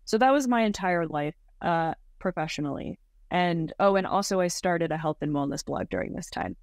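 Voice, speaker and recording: A woman's voice: fairly low pitch, animated, normal speed, no room sound, studio quality. A woman in her thirties, a podcast guest, telling her story in casual talk, full of "like" and "um", with frequent small laughs. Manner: chatty, many fillers like "like" and "um", laughs often.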